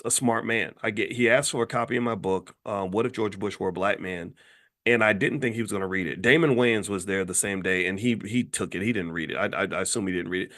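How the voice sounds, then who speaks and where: A man who comments on Black economics delivers an emphatic, animated monologue in a casual style. He often repeats himself, swinging from low, quiet lines to high, loud ones.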